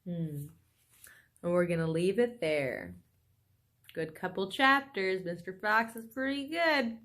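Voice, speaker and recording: A woman reading a children's book aloud in a relaxed way, with a casual, friendly sign-off at the end. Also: mid-range voice, measured pace.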